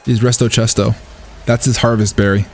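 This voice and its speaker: A man's voice: fairly low pitch, a little fast, faint music behind. A man casually commentating his own competitive match, thinking aloud and cheering his plays. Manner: excitable, thinks aloud, talks to the opponent.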